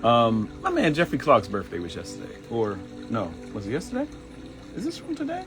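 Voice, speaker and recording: A middle-aged man from Baltimore hosting a live stream, animated and chatty, greeting viewers by name and joking. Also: mid-range voice, a little fast, music in the background. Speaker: live show host. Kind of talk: live-stream casual chat.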